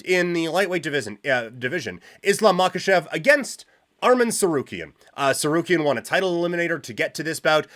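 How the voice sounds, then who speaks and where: A man hosts his own podcast and sounds thoroughly fed up. He rants with a slightly higher voice than most men and stumbles through repeated restarts as he talks. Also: fairly bright tone. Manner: exasperated, ranting, frequent restarts. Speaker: podcast host. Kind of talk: solo podcast commentary.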